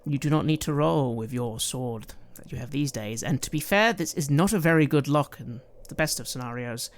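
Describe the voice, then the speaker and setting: A man narrating a tabletop game as game master, calm and descriptive. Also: medium pitch, moderate pace. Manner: calm, descriptive, softening for emotional moments.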